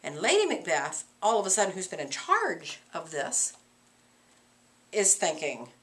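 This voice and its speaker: A middle-aged woman teacher lecturing a class on a play, animated and acting out characters' lines. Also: on the low side. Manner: animated, acts out characters' lines in quick voices.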